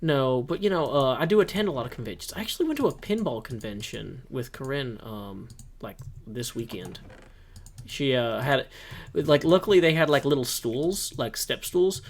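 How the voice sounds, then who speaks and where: A man's voice: medium pitch, normal speed. Rambling, joking man narrating gameplay. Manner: rambling, self-deprecating, lots of fillers and jokes; excited, upbeat office tour. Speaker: host. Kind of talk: casual Minecraft gameplay commentary.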